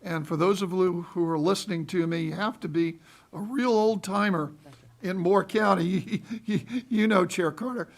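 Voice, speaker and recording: Brief: school board member, folksy and emphatic, high voice with gravel in it. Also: male voice, moderate pace. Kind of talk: public meeting remarks. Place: meeting room.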